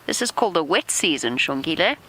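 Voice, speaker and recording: A woman presenting a live safari broadcast from an open vehicle, chatting lively and talking softly to animals. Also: low-pitched, a little fast, low-quality recording. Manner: chatty, warm toward animals, lively asides. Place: open safari vehicle outdoors in rain and wind.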